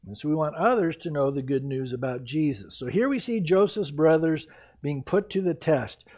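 A man preaching a verse-by-verse Bible teaching sermon, animated and lively, sometimes acting out the people in the story. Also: on the high side, moderate pace. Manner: animated, acts out quoted voices and reactions, laughs at his own asides. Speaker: pastor.

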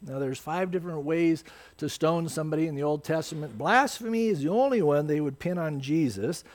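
A man's voice: a little high, expressive, fairly quick, a little mellow. A man preaching a sermon, quoting scripture with emphatic, rising force.

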